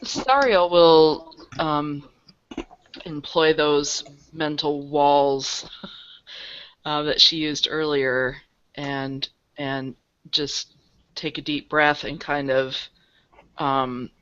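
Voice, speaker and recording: A man plays a tabletop game, speaking very slowly and softly. He describes his character's choice. The audio is dull and lo-fi. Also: fairly high pitch, steady tone, clean tone. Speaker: player.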